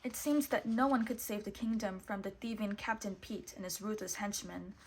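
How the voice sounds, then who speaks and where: A woman reading a picture book aloud, expressive and lively, putting on voices for the characters. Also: medium pitch, normal speed, a little hiss or hum. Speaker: storybook reader.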